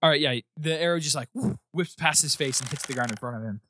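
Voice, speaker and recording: A man narrating as dungeon master in a relaxed, rambling way with frequent laughs. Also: a little high, fast, a little hiss or hum. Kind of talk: narrating a tabletop game.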